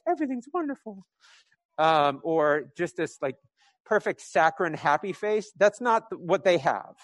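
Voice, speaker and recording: A New England man with a fairly high-pitched voice preaches conversationally, painting a scripture story like a vivid imagined film scene, full of fillers and restarts. There is no echo.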